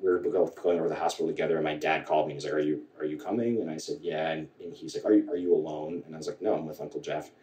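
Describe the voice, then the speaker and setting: Deep-voiced man, echoey and distant. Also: steady tone, mellow. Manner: halting, full of restarts and quoted dialogue. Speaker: podcast guest. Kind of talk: candid storytelling conversation.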